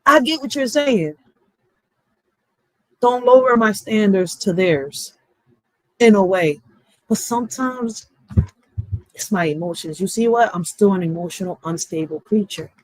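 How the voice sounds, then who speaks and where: A woman's voice: medium pitch, lively intonation, a little slow, long pauses, no echo, rough recording. A woman in her thirties chatting casually on a live stream, candid and rambling, often swearing and asking "right?". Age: 30s.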